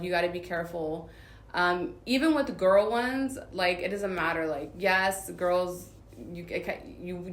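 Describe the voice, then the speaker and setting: A woman from Southern California telling a personal story in casual, rambling talk, full of filler words. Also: fairly low pitch. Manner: rambling, filler-heavy retelling. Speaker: vlogger. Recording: roomy echo.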